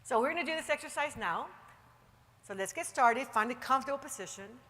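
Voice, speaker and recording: A woman giving an emphatic motivational talk to a live audience, later guiding a slow, soothing relaxation exercise. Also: high-pitched, expressive, bright, forceful tone, big-room sound. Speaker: motivational speaker leading a guided meditation. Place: large hall with an audience.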